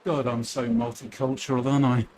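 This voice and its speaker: A cycling vlogger from Essex, England, keeps up a brisk, joking patter while he races, often poking fun at himself in his Essex accent. The voice is medium-pitched, a little mellow, and level in tone.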